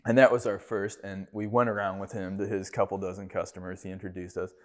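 Low-voiced man telling business stories. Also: fast. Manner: animated anecdotes, acting out other people's lines. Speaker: guest, business owner. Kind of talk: casual storytelling interview.

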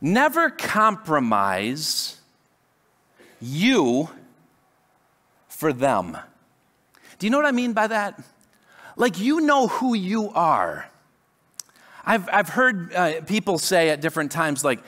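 Animated male pastor preaching in a hall. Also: high-pitched, a little slow. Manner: animated, conversational preaching with many restarts and acted-out quotes. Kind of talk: sermon. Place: church sanctuary.

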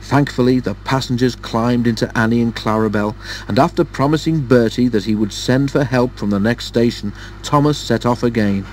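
A man narrating a children's railway story in a steady, measured storytelling voice. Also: mid-range voice, a little hiss or hum. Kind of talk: storybook reading.

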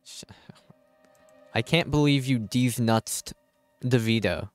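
Slow and mid-pitched, a man streams a game and chats casually with no room sound and faint music underneath. Distracted, he keeps muttering "hold on" while fiddling with his settings, swearing offhandedly and answering chat.

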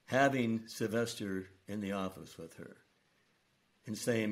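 An older man, a retired school principal, telling stories from his career in an earnest, unhurried way during an interview. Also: fairly low pitch. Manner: slow, earnest storytelling with quoted dialogue. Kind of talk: storytelling interview.

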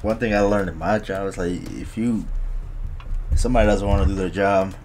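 Low-voiced man telling animated stories. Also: a little fast, a little hiss or hum. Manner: animated, laughing storyteller. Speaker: podcast co-host. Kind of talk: casual chat. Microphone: podcast microphone.

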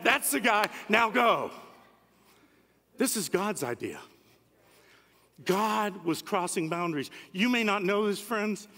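A man preaching with a high, bright, ringing voice, fervent and emphatic. His words echo with a long reverb through a big conference hall. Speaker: pastor. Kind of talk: sermon.

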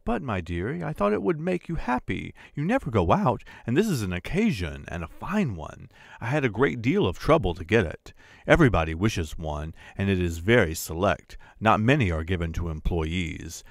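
A man's voice: on the low side, very animated, normal speed, gravelly, no echo, clean studio sound, full character voice. A man voicing a timid, eager young clerk husband in an audiobook, pleading and stammering. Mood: coaxing. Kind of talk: audiobook character voice.

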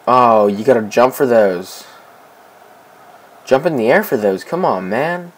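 A young man talks through his soccer video game at an unhurried pace, mid-pitched and casual. He gets excitable, repeating himself as he pleads with teammates for the ball. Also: rough recording. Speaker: gameplay commentator. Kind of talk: casual let's-play commentary.

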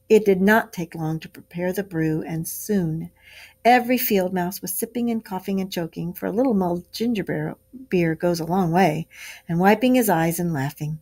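Woman teacher, expressive storybook read-aloud for a class. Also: lowish voice, normal speed.

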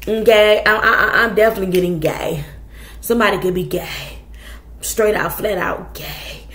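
A woman's voice: medium pitch, normal speed, fairly bright tone, echoey room. A woman giving a casual tarot reading, talking bluntly and chattily to her viewers with plenty of profanity. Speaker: tarot reader.

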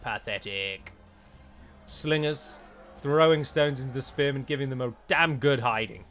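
A man's voice: medium pitch, measured pace, fairly bright tone, soft background music. A British man commentating on his strategy game, exasperated and swearing freely as the battle goes wrong. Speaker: strategy game let's-player. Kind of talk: gameplay commentary.

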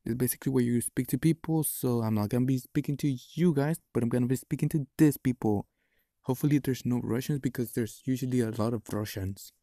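A man's voice: medium pitch, fast, dark tone. A man chatting casually to his viewers in a vlog, rambling offhand with plenty of "like" and "so yeah". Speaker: vlogger.

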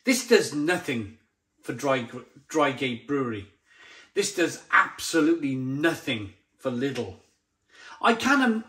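A man's voice: on the high side, a bit bright. A man reviewing a beer to camera in a blunt, exasperated way, often stumbling and repeating himself. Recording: roomy echoey sound.

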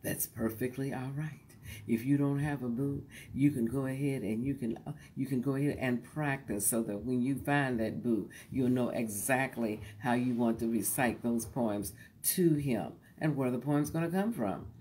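A woman host teaches her online audience how to recite poems aloud, relaxed, folksy and quick to joke. Her voice rumbles low with a slight hiss or hum, and she draws her words out slowly, sometimes dropping into a soft whisper.

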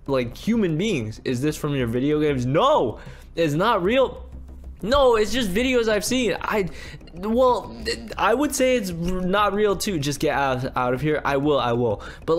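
A man hosting a game role-play video, his voice sitting a little high and swinging widely as he exclaims and talks straight to his viewers. Faint music plays underneath him. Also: a bit bright. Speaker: gaming video host.

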